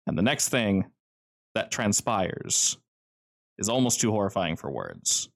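Man narrating as game master. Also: fairly low pitch. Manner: slow, ominous descriptive narration.

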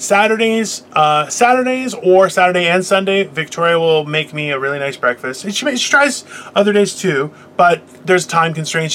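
A middle-aged man hosting a casual chat, telling stories in an animated, profane way. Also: a little high, slight background noise. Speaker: podcast host.

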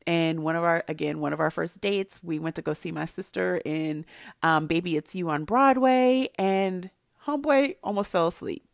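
A woman giving casual, animated marriage advice to wives, telling stories in a chatty way. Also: fairly low pitch, moderate pace, vocal fry, dry recording, clean studio sound. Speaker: relationship advice speaker.

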